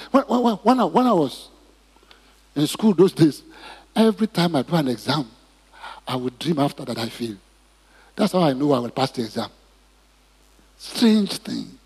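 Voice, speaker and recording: Husky preacher man. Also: fairly high pitch, very animated, a little slow, pauses often, a little mellow. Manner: preaching with call-and-response questions. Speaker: pastor. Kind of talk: sermon. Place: church. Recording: reverberant hall.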